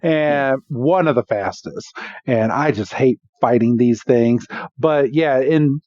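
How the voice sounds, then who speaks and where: A man's voice: medium pitch, slow, a little mellow, no room sound, lo-fi sound. A man co-hosting a podcast, recapping an episode in casual chat, chatty and laughing often with lots of filler words. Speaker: podcast co-host.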